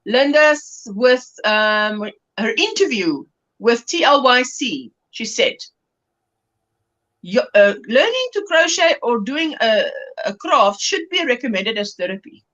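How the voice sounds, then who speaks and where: South African woman, livestream host, bouncy lively voice, slightly higher pitch, lo-fi sound. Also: slow pace. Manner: chatty, laughs often, reads chat aloud. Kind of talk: casual chat reading viewer comments. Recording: lo-fi livestream audio.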